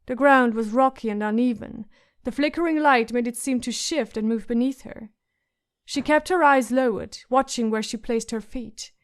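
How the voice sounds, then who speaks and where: A woman narrating a fantasy audiobook in a measured, even storytelling manner. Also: fairly high pitch. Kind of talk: scripted narration.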